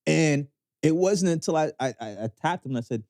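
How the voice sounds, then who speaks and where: A man's voice: fairly quick, no echo, clean studio sound. A man with a Canadian accent co-hosting a podcast, telling stories expressively in casual chat. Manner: expressive storyteller, drops into low voices for quotes. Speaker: podcast co-host.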